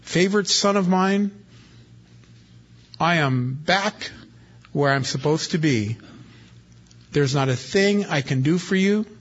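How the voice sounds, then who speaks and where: A man's voice: fairly high pitch, lively intonation, slow, pauses often, voice pushed up. A man doing grieving old father Isaac. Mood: tender. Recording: dull lo-fi recording.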